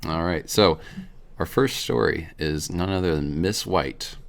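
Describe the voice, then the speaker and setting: A man's voice: low-pitched, unhurried, gravelly. A young man co-hosting a casual talk show, rambling and laughing as he tells a story. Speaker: podcast co-host.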